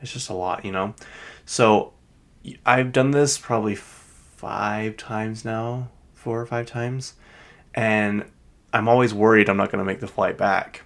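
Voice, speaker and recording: Chatty exasperated low-voiced young man. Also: fairly even intonation, unhurried. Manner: chatty storytelling, exasperated rants with mock-indignant quoted outbursts. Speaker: podcast co-host. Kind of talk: casual chat.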